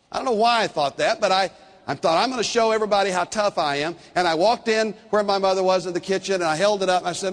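An older man preaching a sermon, telling stories and swinging between soft, slow passages and loud, animated ones. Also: high-pitched, long reverb tail. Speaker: pastor.

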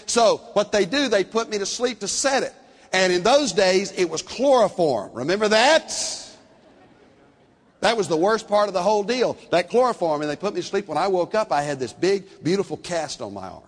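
An older man preaching a sermon, telling stories and swinging between soft, slow passages and loud, animated ones. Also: high voice, in a large hall. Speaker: pastor.

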